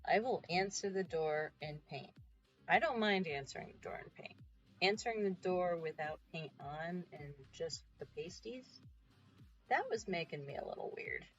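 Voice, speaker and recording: A woman's voice: fairly low pitch, highs cut off. A woman chatting casually on a livestream while she paints, giggly and self-mocking. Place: home.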